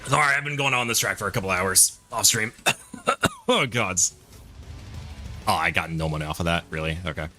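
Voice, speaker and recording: His voice sits low, bright and forceful, coming quickly with hardly any pauses over faint background music. This young man is streaming a driving game live, chatting in a rambling way, restarting sentences, swearing and laughing a lot.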